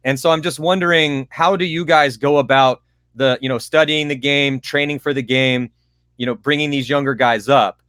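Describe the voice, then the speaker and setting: Bright-voiced young man hosting. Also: mid-range voice, steady tone, normal speed, clean tone, no room sound, studio quality. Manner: chatty, joking, rambling questions. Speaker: host. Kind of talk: casual interview.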